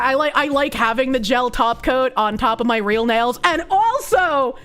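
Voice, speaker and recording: A woman streamer tells a story in a casual chat, cursing freely and laughing as she goes. Her voice sits very high and leaps around expressively. Soft music plays quietly in the background. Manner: animated, swears often, laughs through her story.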